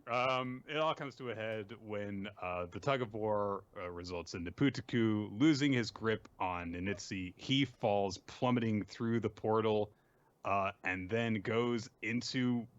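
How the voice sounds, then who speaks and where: A man casually recapping manga chapters on a podcast, joking and putting on high voices for the characters. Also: a little slow, clean tone, muffled recording. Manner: jokey, puts on high voices for quoted characters.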